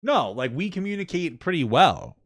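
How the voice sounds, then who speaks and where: A man's voice: on the high side, dry recording, clean studio sound. A man co-hosting a casual chat, talking animatedly, swearing and jumping in often. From New York. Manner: animated, swearing, quick to jump in. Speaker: podcast co-host.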